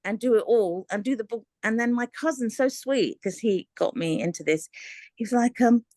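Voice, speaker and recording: Rambling, animated woman. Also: on the high side, moderate pace, no echo. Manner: rambling, animated, laughs often. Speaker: aspiring author on a coaching call. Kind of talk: candid casual chat.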